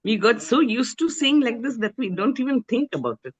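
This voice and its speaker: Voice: medium pitch, animated, fairly quick, husky, dry recording. A student chiming in with brief remarks during an online class. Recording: dull lo-fi call audio.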